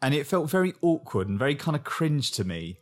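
A man's voice: on the high side, a little fast. An English man in casual podcast talk, his voice bouncing up and down as he jokes. He slips into silly mock voices when quoting people, then drops back to easy chat. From England. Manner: animated, acts out others' lines in mock voices. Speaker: podcast co-host. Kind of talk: casual chat recapping a reality show.

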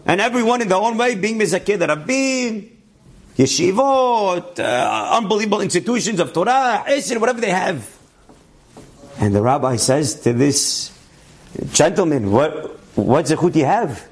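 A man's voice: normal speed, breathy edge. A man giving a sermon as a story, acting out the people he quotes and mixing Hebrew words into his English. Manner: animated storyteller, acts out quotes with rising pitch, Hebrew terms sprinkled in. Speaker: rabbi telling a story.

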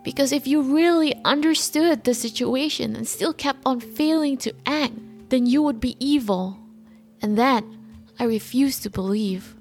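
Woman impersonating a trembling teen girl activist, loud impassioned scolding. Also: high-pitched, unhurried, soft background music, voice pushed up. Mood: outraged. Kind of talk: dramatic speech impression.

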